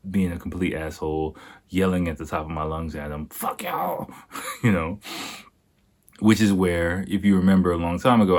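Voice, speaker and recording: A young man hosting a podcast, telling a story casually, laughing often and acting out quotes. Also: low-pitched. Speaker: podcast host.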